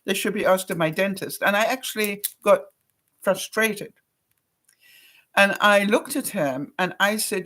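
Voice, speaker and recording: An older Canadian woman vlogs a personal story to camera in a chatty, casual way, laughing often and acting out the lines of people she quotes. Her medium-pitched voice is expressive and fairly bright, at a normal speed.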